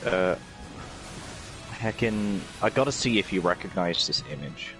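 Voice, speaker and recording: Low-voiced man streamer, game music behind. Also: animated, a little slow. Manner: rambling explainer, says "heckin'". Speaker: streamer co-host. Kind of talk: casual gaming stream chat.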